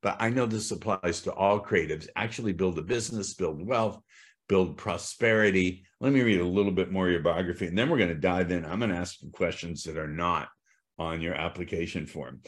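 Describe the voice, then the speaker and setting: A middle-aged man from the United States hosting a podcast interview, upbeat and eager to dive into questions. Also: low voice. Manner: upbeat, talks of diving in, quick asides. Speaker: podcast host.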